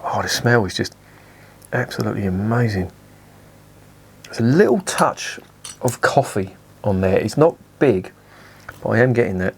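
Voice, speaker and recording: A man's voice: on the low side, expressive, moderate pace, gravelly, long pauses, husky. A man giving a casual beer review, blunt and enthusiastic, swearing freely.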